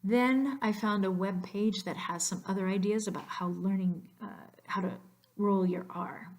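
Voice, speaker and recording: A woman's voice: mid-range voice, steady tone, normal speed, darkish tone. A woman with an American English accent, teaching Spanish pronunciation in a narrated slideshow lesson and drilling words by repetition.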